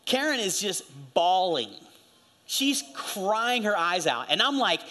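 A middle-aged man preaching a sermon, telling stories with animated swings and acting out the voices of the people he quotes. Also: high-pitched, normal speed. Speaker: pastor.

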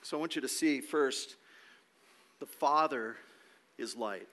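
Preaching a sermon, this pastor speaks a little slowly in a medium-pitched, slightly bright voice. He is emphatic, posing rhetorical questions and repeating words along the way.

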